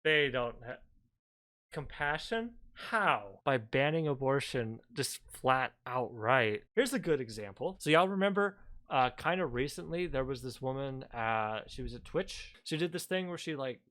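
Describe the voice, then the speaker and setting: A man's voice: medium pitch, animated, measured pace, a bit bright. Sarcastic man reacting to a video. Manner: sarcastic, swears casually, frequent fillers. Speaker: commentary YouTuber.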